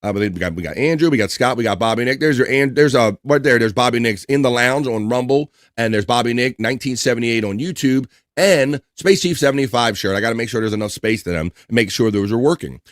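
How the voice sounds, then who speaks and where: A man hosting a livestream, chattily reading out chat messages and shout-outs with quick asides. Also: medium pitch, no echo, clean studio sound. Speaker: livestream host.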